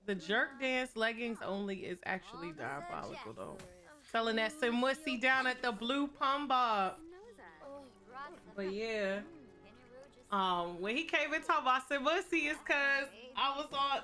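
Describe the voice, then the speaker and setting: A young woman riffing through a long gameplay stream, chatting to her viewers in loose, slangy banter. Her voice sits a little high and rings bright and forward. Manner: playful, slangy, quick jokes to chat. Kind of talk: casual gameplay commentary.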